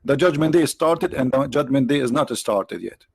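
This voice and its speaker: A man with non-native English phrasing hosting a livestream, mocking his subject with rhetorical questions, his voice tired and his throat often cleared. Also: medium pitch, lively intonation, moderate pace, no echo. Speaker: livestream host. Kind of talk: mocking debate commentary.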